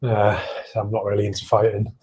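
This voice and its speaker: A man's voice: fairly low pitch, monotone, a little fast, darkish tone. A man in casual livestream chat, answering viewer questions while pedalling an exercise bike, rambling, swearing freely and poking fun at himself.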